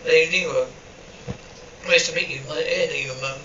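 A man's voice: fairly high pitch, steady tone, normal speed, bright, forceful tone, slight background noise. A man reading a dramatic story aloud, voicing every character and reading the stage directions between lines. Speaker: narrator reading all parts. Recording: roomy, dull, distant from the mic.

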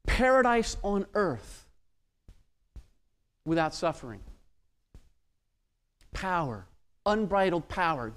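Emphatic high-voiced male preacher. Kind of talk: expository sermon.

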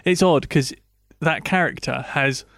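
A man co-hosting a podcast, chatting casually about films, agreeable and halting with many restarts. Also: fairly high pitch, vocal fry, a bit bright, no room sound, studio quality. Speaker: podcast co-host. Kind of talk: casual film review chat.

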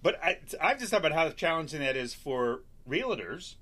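An older man co-hosting a relaxed podcast chat. He sounds agreeable and chuckles easily, and his bright voice swings widely in pitch. His pitch sits a touch high. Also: normal speed. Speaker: podcast co-host.

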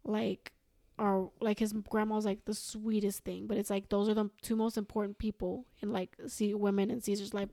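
A woman's voice: mid-range voice, vocal fry, dark tone, dry recording, clean studio sound. A young woman, a podcast guest, telling a long personal story in casual chat, quoting herself and others again and again. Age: young adult. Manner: rambling, quotes herself and others with "I was like".

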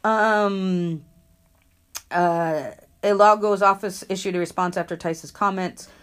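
A woman co-hosting a casual chat show, animated and quick to laugh. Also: medium pitch. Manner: animated, laughs often, acts out voices in quotes. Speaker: podcast co-host.

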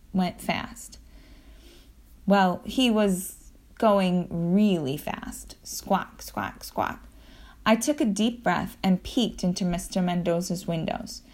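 A woman reading a children's adventure book aloud, telling it lively and acting out the sound effects. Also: lowish voice, vocal fry. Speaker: audiobook narrator.

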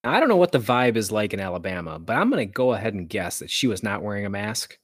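A man's voice: on the low side, very animated, fast. A man co-hosting a casual podcast, teasing and wisecracking with his co-host. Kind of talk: casual chat.

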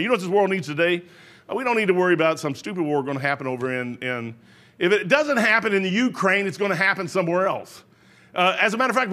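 High-voiced preacher, folksy and rambling. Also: male voice, fairly bright tone. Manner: folksy and rambling, with many restarts. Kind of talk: sermon.

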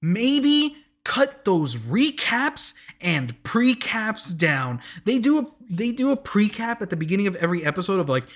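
A man recapping a TV show in loose, rambling chat, quick to laugh at his own jokes. His voice sits a little on the high side. He trips over his words and restarts sentences as he goes. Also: very animated, a bit bright. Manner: restarts and corrects himself often.

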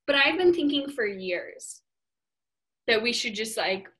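A young woman from Virginia chats as a podcast co-host in a slightly high voice. She is animated and loose, swearing casually and filling her sentences with "like". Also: measured pace. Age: young adult. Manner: animated, swears freely, lots of filler "like". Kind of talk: casual chat.

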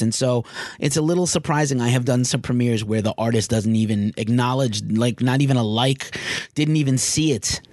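A man's voice: mid-range voice, a little mellow, no room sound. Frank man on a podcast. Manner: candid, frank, a little exasperated. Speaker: music journalist and podcast host. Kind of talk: casual podcast chat.

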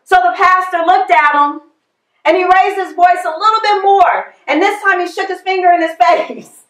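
A woman's voice: extremely high pitch, normal speed, fairly bright tone, reverberant, rough recording. A woman preaching a sermon, repeating her phrases for emphasis as she leads a prayer and tells a story.

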